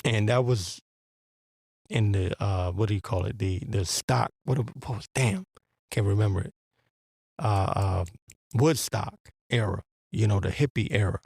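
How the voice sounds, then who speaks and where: A man's voice: on the low side, a little slow, creaky, a little mellow, husky, no room sound, clean studio sound. A man hosting a podcast, delivering a blunt, profane, rambling religious commentary with a preacher-like edge. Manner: rambling with restarts. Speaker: podcast host.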